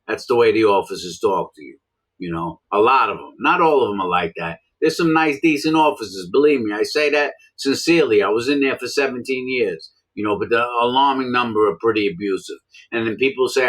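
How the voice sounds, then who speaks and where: A man's voice: mid-range voice, animated, a little fast, a bit bright, poor audio. A man who served time in prison, talking bluntly and repeating his points for emphasis. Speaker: former prisoner explaining prison life. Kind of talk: casual monologue to camera.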